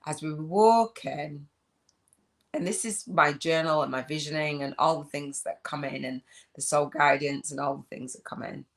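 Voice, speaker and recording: A woman's voice: low voice, moderate pace. A woman in her forties with a Leeds accent, rambling chattily through a vlog while walking outdoors. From northern England. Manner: rambling, chatty, restarts often. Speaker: spiritual business coach. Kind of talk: casual vlog monologue. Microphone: phone.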